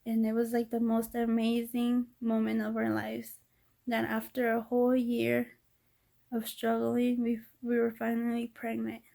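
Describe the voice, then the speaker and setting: A woman's voice: a little high, completely flat delivery, measured pace, vocal fry, dark tone. A woman telling a heartfelt personal story in a vlog, emotional and teary as she talks to her viewers. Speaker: vlogger.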